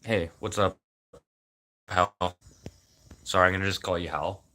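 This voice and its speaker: A man from Manitoba venting in a casual, unscripted talk to camera, swearing a lot and swinging from loud outbursts to low mutters. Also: steady tone, measured pace. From Manitoba, Canada. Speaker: vlogger.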